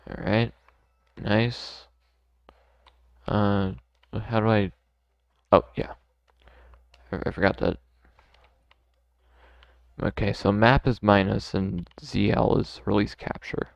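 A man's voice: fairly low pitch, flat delivery, slow pace, creaky, long pauses, smooth, dry recording, lo-fi sound. A man playing a video game, casually commenting and joking as he goes. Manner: laid-back, joking, mutters to himself. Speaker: gamer. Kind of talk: let's play commentary.

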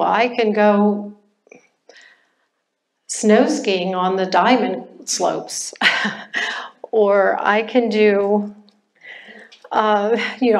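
An older woman shares a personal testimony in a church class, taking her time over each phrase. Her voice sits at a middle pitch, and she talks in a reflective way, pausing often and restarting her sentences as she goes. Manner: slow, reflective, with pauses and restarts. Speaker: church member sharing testimony.

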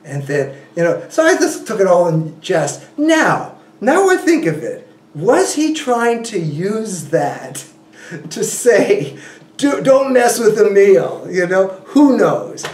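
A man's voice: high voice, slow. A man being interviewed about ultrarunning, telling stories casually with frequent laughs and restarts. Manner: animated, laughing often, many restarts and you-knows. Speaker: ultrarunner guest. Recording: roomy, a bit distant from the mic.

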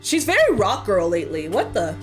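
A young woman chatting casually and excitedly as she reacts to an album at home. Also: mid-range voice, fairly quick. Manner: excitable, squealing, laughing. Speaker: music reaction YouTuber.

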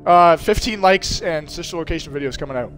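A young man streaming a horror game, swearing and screaming in panic as he goes hoarse from yelling. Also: a little high, lively intonation, fairly quick, soft background music. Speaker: gaming streamer. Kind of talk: horror game playthrough commentary.

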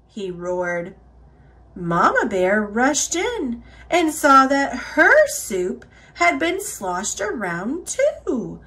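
Very slow, bright-voiced woman storyteller. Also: fairly high pitch. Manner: expressive, unhurried. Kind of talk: children's picture book read-aloud.

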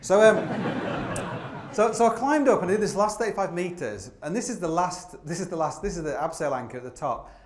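A man's voice: sits high, expressive, brisk. A man telling rambling, comic climbing stories live on a theatre stage, full of fillers and the odd swear word. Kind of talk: live comic storytelling talk. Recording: roomy theatre sound with faint noise.

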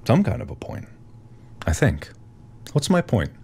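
A man in his thirties commentating on his own gameplay in a goofy, animated way, with sudden bursts of yelling. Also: medium pitch, unhurried, creaky, breathy edge. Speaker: gaming video host.

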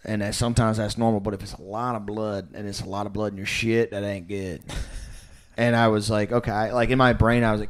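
A man's voice: fairly low pitch, little pitch movement, brisk. A young man telling a long crude comic story on a podcast, rambling with fillers and slipping into a drawling old doctor's voice. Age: young adult. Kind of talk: casual comedic storytelling.

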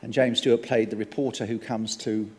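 A man giving a public lecture, an animated storyteller with frequent ums and wry asides. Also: fairly low pitch, a little fast, breathy edge. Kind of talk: public lecture on film history. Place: lecture hall. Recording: long hall reverb.

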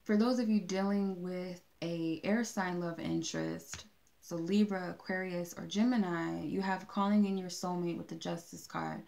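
A woman's voice: on the low side, steady tone, moderate pace, creaky, darkish tone. A woman giving a casual tarot card reading, talking in a meandering way with many fillers and restarts. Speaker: tarot reader.

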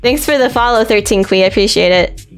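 A woman live-streaming a game, talking in an excited, playful and repetitive way to her chat. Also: medium pitch, brisk, faint music behind.

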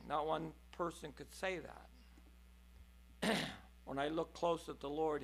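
A man preaching a sermon in a church, impassioned, moving between hushed and loud passages. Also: fairly high pitch, a little slow, vocal fry, long pauses.

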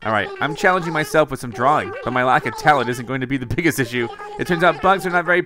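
A man's voice: mid-range voice, expressive, quick pace, lightly acted. A man reading the lines of an upbeat young female dog camper in a mobile game, friendly and brash, with a repeated "what, what?". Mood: cheery. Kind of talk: reading game dialogue aloud.

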